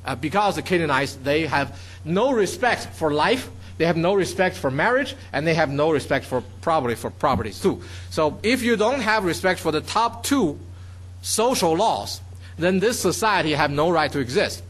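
A man preaching through a Bible passage in a plain teaching manner. His voice sits a little high for a man, and he works through the text with frequent fillers, restarts and a checking "okay". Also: lively intonation, moderate pace, fairly bright tone. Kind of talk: Bible study sermon.

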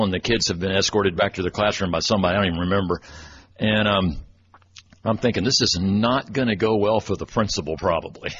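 A man's voice: fairly low pitch, a bit bright, husky. A man from Texas giving a folksy, self-deprecating storytelling talk at church, chuckling as he goes. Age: 40s. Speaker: church speaker and webmaster. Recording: dull lo-fi recording with faint noise.

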